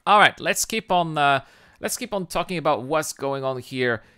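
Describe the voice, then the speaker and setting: A man hosting a chatty livestream, talking to his viewers with a bright, forceful edge and a somewhat high voice. His delivery is excitable and full of restarts. The sound is clean and dry, with almost no room around it. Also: moderate pace, clear, resonant tone, dry recording. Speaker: livestream host. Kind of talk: casual livestream chat, reading viewer comments.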